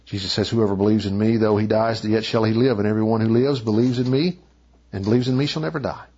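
A man preaching a sermon as a pastor, emphatic, his voice climbing higher when he drives a point home. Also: fairly even intonation, fast, a little mellow, breathy edge, lo-fi sound.

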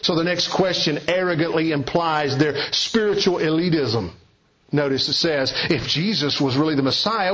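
Male preacher, husky, emphatic delivery, dull lo-fi recording. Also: normal speed, fairly bright tone. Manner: emphatic, shifts pitch widely for quoted speech. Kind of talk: expository sermon.

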